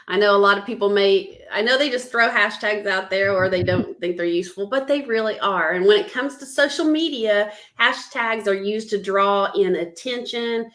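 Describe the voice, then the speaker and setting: A woman co-hosting a casual live marketing chat, relaxed and playful, sometimes tripping over her words. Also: medium pitch. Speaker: co-host.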